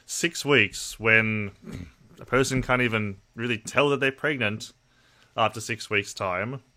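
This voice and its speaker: An Australian man hosting a livestream, talking casually and bluntly to his chat. His voice is bright and forward, with a middling pitch and plenty of swearing. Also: measured pace. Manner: blunt, profane, talks to chat. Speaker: livestream host.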